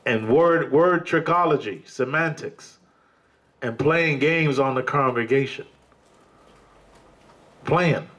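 A man's voice: on the high side, fairly bright tone. A man preaching a sermon in an emphatic, colloquial way, often calling his listeners brother.

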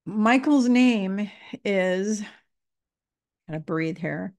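A woman giving an earnest, casual spiritual talk, repeating phrases and pausing with fillers as she grows emotional. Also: mid-range voice, expressive, a little mellow. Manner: earnest, emotional, pauses to collect herself. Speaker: spiritual teacher.

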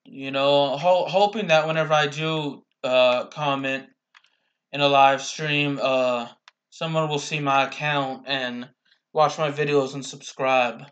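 Young guy slowly talking over his game, bright voice, got the hiccups, keys clicking behind. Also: medium pitch, steady tone, muffled recording. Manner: slow, rambling, with restarts. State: has hiccups and coughs. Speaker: gameplay commentator. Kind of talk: casual gameplay commentary.

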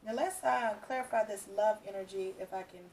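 A woman's voice: mid-range voice, a little fast, very noisy. A woman doing a casual tarot reading for her channel, talking straight to the viewer and reassuring them, often checking in with "okay" and "all right". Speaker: tarot reader.

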